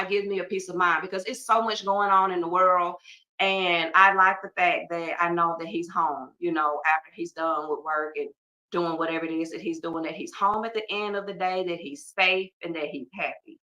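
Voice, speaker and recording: Woman, middle-aged, podcast host, casual heartfelt talk, colloquial, emphatic, bright tone, slightly distant mic. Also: on the low side, fairly even intonation, normal speed. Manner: colloquial and emphatic, with joking asides.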